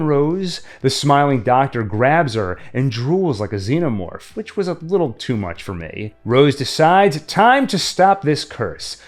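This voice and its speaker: A man's voice: medium pitch, darkish tone. A man narrating a scripted horror movie recap, dry and wry, dropping sarcastic asides. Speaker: horror film reviewer.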